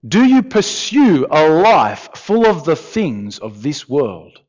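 A man preaching a sermon in a conversational, animated way, with asides to the congregation. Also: fairly high pitch, slow pace. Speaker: pastor. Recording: dull, lo-fi sound.

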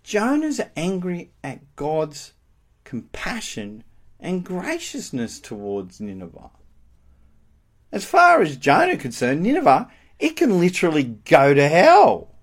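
Man, preacher, sermon, swooping lively pitch, emphatic rhetorical questions. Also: takes it slowly.

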